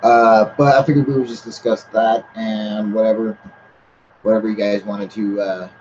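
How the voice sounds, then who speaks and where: A man's voice: fairly low pitch, level tone, moderate pace, a little mellow. Buzzed guy cussing his way through a live stream, kinda muffled lo-fi mic, faint hiss. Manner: heavy swearing, laid-back, reads chat aloud. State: a little high and drunk. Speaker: livestream host. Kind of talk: casual rambling livestream chat.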